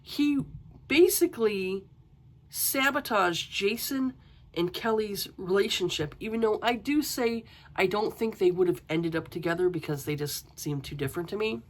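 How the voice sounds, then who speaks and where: A woman's voice: mid-range voice, moderate pace. A woman giving a casual, exasperated book review, ranting with swearing and rhetorical questions.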